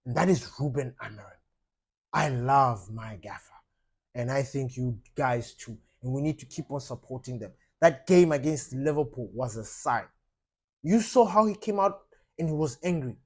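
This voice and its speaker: A man's voice: medium pitch, lively intonation, normal speed, husky. A man hosting a fan channel, talking passionately about his football club and addressing viewers directly, with lots of fillers and emphatic outbursts. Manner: impassioned, rising to loud emphatic outbursts, frequent fillers.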